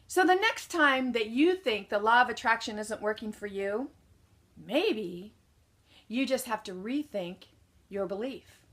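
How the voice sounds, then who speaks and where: A woman speaker telling a personal story in an animated way, acting out what people said and answering her own questions to the audience. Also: on the high side, measured pace. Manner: asks the audience questions and answers them herself. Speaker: motivational speaker.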